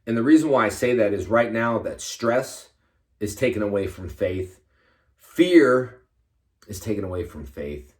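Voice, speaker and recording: A man, a karate instructor, giving energetic motivational fitness advice to his fans in short, punchy commands. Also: fairly low pitch, measured pace, reverberant.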